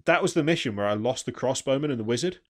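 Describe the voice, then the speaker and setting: A man's voice: mid-range voice, animated, fast talker. A man co-hosting a gaming podcast, telling stories of failure with laughs and swearing. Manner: laughing, exasperated storytelling with swearing. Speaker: podcast co-host. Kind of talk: casual gaming chat.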